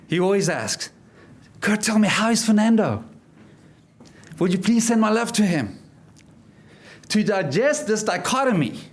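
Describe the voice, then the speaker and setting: A South African man delivers a personal storytelling speech to an audience. His voice sits a little high for a man. He paces the story with deliberate pauses and drops in humorous asides. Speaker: keynote speaker. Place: club function room.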